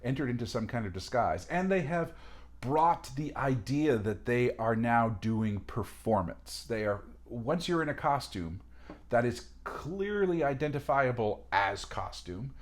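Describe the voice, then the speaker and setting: A man talking through an academic reading in a casual lecture, rambling with restarts and lively asides. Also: mid-range voice, measured pace. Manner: discursive, many fillers and restarts, animated asides.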